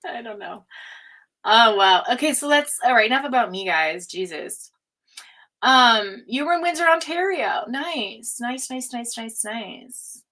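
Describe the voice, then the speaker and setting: A woman's voice: fairly high pitch, lively intonation, measured pace, sharp tone. A middle-aged woman from Canada chatting casually on a live tarot stream, laughing often and reading chat aloud.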